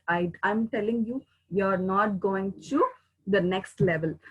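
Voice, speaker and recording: An Indian woman with an Indian English accent gives an online English pronunciation lesson in a slightly high, husky voice. She explains patiently and repeats each example word, spelling some out letter by letter. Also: rough recording. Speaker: English teacher.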